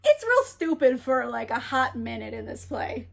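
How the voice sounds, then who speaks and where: A woman's voice: high voice, sing-song, moderate pace, vocal fry. A tipsy woman casually retelling a story, giggling often, swearing, and saying "like" a lot. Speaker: book video creator.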